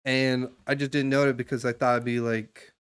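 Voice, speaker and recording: A man's voice: medium pitch, flat delivery, moderate pace, clear, resonant tone. A young man streaming live, talking loosely and at length as he gives a stranger casual advice, full of fillers and restarts. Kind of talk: casual chat giving advice.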